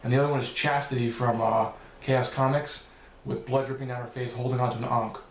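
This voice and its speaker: A man's voice: medium pitch, flat delivery, fairly quick, reverberant, slight background noise. A man answering viewer questions in a loose, rambling vlog, swearing now and then. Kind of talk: casual Q&A vlog.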